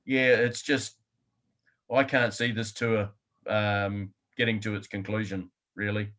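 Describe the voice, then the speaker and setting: A man's voice: lowish voice, flat delivery, measured pace, fairly bright tone. A man co-hosting a sports podcast, with a dry, understated manner in casual chat. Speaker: podcast co-host.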